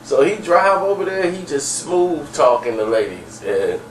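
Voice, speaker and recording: A man's voice: fairly high pitch, lively intonation, unhurried. Casual: guy rambling thru a story, lotta "you know", echoey room, faint background hum. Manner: rambling, laughing, full of fillers. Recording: echoey room, far from mic, faint ambience.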